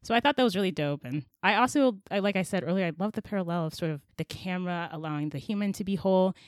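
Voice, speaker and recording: A woman's voice: fairly low pitch, fast, dry recording, clean studio sound. A woman co-hosting a casual chat, animatedly summarizing a story with casual slang and laughter. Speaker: podcast co-host.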